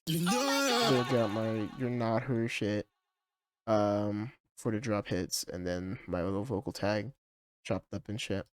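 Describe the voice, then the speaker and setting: A male music producer casually talking through a song project, hesitant and full of fillers, with his track playing clearly underneath. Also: on the low side, fairly even intonation, unhurried, darkish tone. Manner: hesitant, full of ums and likes.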